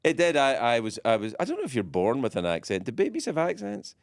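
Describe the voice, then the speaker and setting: A Scottish man bantering as a guest on radio, playful and quick with stuttering restarts. His pitch swings widely and animatedly. The studio sound is dry and close. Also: wildly swooping pitch, gravelly, no echo. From Scotland. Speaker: guest comedian. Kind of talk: casual radio interview banter.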